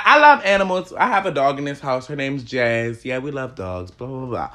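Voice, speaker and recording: A man pours out an emphatic, profane monologue, his pitch swinging widely as he presses each point. His voice sits a little higher than most men's. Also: sharp tone. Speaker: podcast host. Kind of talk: heated opinion monologue.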